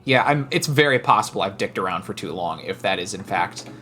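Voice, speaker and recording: Man, animated pitch, easygoing, thinks aloud while playing, self-deprecating, light hiss behind. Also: fairly quick. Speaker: streamer playing the game. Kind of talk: casual let's-play commentary.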